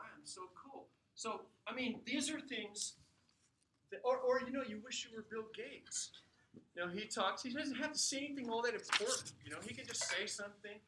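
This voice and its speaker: A man giving an informal lecture, telling stories with jokes and asides in an animated way. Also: fairly high pitch, distant mic, noisy background. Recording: echoey room, mic from afar.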